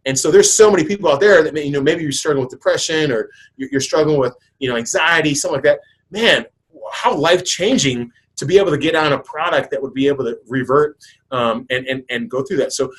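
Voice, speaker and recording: A man's voice: on the high side, fairly bright tone, husky, low-quality recording. A man in his thirties hosting a podcast, chatting casually and telling stories in a rambling way with many restarts. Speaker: podcast host.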